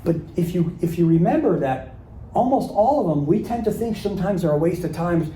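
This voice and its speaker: A man's voice: high voice, animated, a little fast, mellow, reverberant, slight background noise, rough recording. A man leading a live sales workshop, talking casually and acting out sample voicemails and emails. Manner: conversational, acts out sample calls and emails. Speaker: sales trainer.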